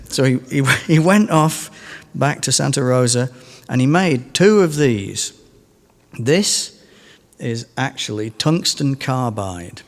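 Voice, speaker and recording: On a concert stage in a museum, a middle-aged English guitarist tells a rambling, self-amused anecdote between songs. His mid-range voice is animated but slow, with a big-room sound.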